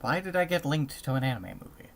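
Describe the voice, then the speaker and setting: A man's voice: a little high, fast. A man acting as game master for a tabletop game over voice chat, teasing the players and stumbling over restarts. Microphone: computer mic on voice chat.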